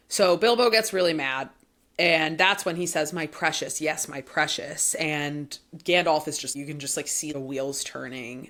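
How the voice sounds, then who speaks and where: A woman's voice: deep voice, a bit bright. A young woman hosting a book podcast, talking casually and emotionally about a novel, with fillers, sighs and quotes read aloud.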